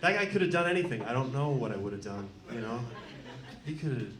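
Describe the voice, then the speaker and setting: A man around twenty doing a stand-up comedy set, awkward and self-deprecating, halting with lots of "uh"s. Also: medium pitch, very animated. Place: comedy club stage before a laughing crowd. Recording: echoey club with loud crowd laughter.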